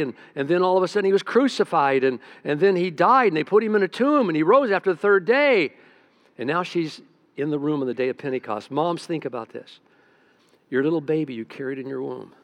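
An older man, a pastor, preaching a sermon in a folksy storytelling way, dropping soft and then rising emphatic. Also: mid-range voice.

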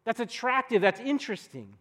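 A man's voice: very high-pitched, very animated, brisk, sharp tone. A young adult man preaching a sermon in a conversational, storytelling way, full of rhetorical questions. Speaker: pastor. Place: church podcast recording.

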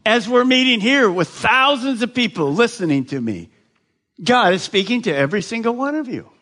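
A man preaching a sermon to a large crowd, slow and emphatic, often putting questions to his listeners. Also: extremely high pitch, sing-song, pushed and bright. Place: large gathering addressed live.

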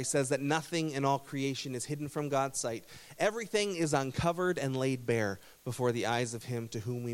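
A man's voice: medium pitch, clean tone. A man preaching a sermon as pastor, conversational, telling a story with small self-corrections.

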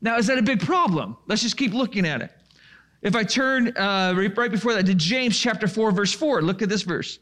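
A male preacher with a strikingly high voice delivers a sermon. He works through his points by putting questions to the listeners and answering them himself. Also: animated, normal speed, fairly bright tone. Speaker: pastor.

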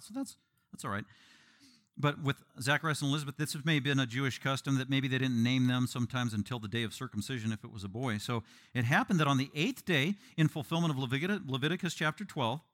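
A man preaching an expository sermon. He delivers it in an animated, emphatic way, with joking asides to the congregation. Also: medium pitch. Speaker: pastor.

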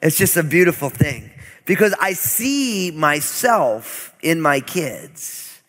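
Male pastor, 30s, raised pitch, conversational storyteller, long hall reverb. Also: slow pace. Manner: conversational, animated storytelling with asides. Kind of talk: sermon.

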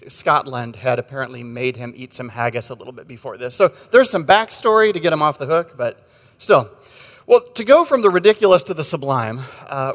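Wry preacher in a reverberant hall. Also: male voice, a little high, fairly bright tone. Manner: conversational and wry, with asides and jokes. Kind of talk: sermon with storytelling.

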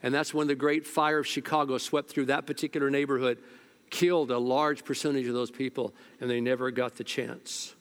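A male pastor preaching a sermon at a church service, telling stories, sometimes hushed and sometimes loud. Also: mid-range voice, level tone, fairly quick, smooth.

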